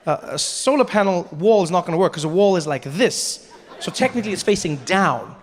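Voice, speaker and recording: A man doing a stand-up comedy set on stage, animated and playful, teasing the audience. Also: high voice, a little fast. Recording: live show with background noise.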